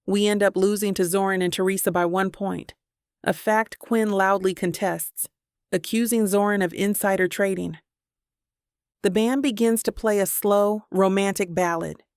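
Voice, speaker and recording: Woman narrating romance, slightly gravelly. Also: mid-range voice, fairly even intonation, normal speed, no room sound, clean studio sound. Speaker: audiobook narrator. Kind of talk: first-person romance audiobook narration.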